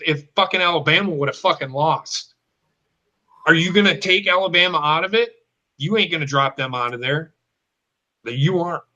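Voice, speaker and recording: A man with a high, bright voice rants in heated, blunt bursts. He swears constantly as he co-hosts a casual football talk show. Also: muffled recording. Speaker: co-host. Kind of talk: profane football rant.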